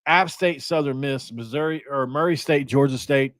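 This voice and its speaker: A man's voice: medium pitch, moderate pace, fairly bright tone, no echo. A young man from West Virginia hosting a casual sports podcast, rambling and joking in a self-deprecating way. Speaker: podcast host.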